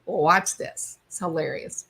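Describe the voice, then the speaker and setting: A woman's voice: deep voice, measured pace, vocal fry, sharp tone, husky. Chatty woman commenting on a clip. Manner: chatty, amused, explaining a clip. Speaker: commentary show host. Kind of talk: casual video commentary.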